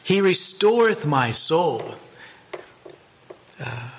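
A man's voice: medium pitch, sing-song, slow pace, pauses often, a bit bright. A man giving a devotional meditation and reading scripture aloud in an earnest way, often repeating and restarting words. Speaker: preacher.

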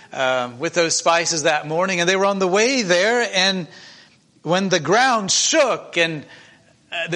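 A man's voice: high voice, pushed and bright. A man preaching in a church meeting, retelling a scripture story in an emotional, conversational way with many restarts.

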